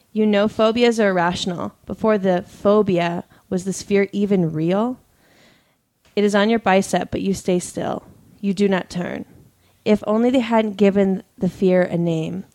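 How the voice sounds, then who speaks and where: A woman co-hosting a casual chat who laughs easily and reads aloud with deadpan suspense. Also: medium pitch, no room sound.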